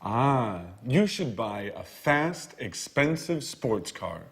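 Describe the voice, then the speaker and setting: An actor playing Jack, an obliging friend giving advice, in a scripted language-course dialogue with careful delivery. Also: male voice, mid-range voice, very animated, slow pace, vocal fry, full character voice.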